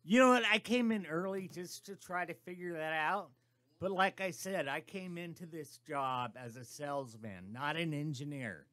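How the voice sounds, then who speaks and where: Radio producer guy, loud and kinda sharp sounding, gets excited. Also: a little high, normal speed, dry recording. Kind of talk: casual studio banter. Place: radio studio.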